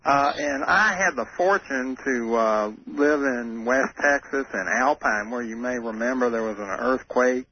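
A man's voice: mid-range voice, measured pace, few pauses, husky. A man calling into a radio show who talks in a hesitant, chatty way with many fillers. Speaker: caller. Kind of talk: phoned-in radio call. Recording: muffled phone call on AM radio with faint noise.

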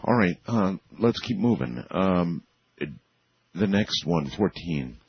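A male radio host with a very low, husky voice and a lively, swinging delivery. He is chatty and laughs easily. The sound is dry and a little dull. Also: slow, no room sound. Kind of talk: casual radio interview.

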